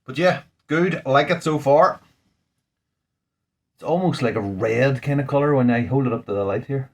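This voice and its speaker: A man's voice: medium pitch, lively intonation, normal speed. A man, a home brewer, talking casually through a beer tasting in a rambling, thinking-aloud way, indoors at home. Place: indoors at home under a ring light.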